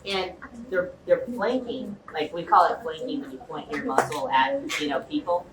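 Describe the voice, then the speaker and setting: A man's voice: fairly high pitch, normal speed. A man tells a personal story to a community gathering, restarting phrases and tossing in fillers as he goes. His voice comes from a distance in a roomy, echoey hall. A faint hum sits under it. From Los Angeles area, United States. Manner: animated, rambling storyteller who restarts phrases and uses "like" and "you know" often. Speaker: speaker addressing a community group. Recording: echoey room, mic far off, faint hum.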